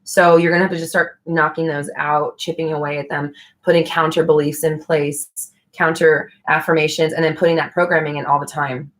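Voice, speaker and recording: Casting note: young adult woman, lower-pitched, chatty livestream host, blunt and casual. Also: level tone, a little fast. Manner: chatty, frank, swears casually, laughs often. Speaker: livestream host answering viewer questions. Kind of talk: casual live Q&A chat.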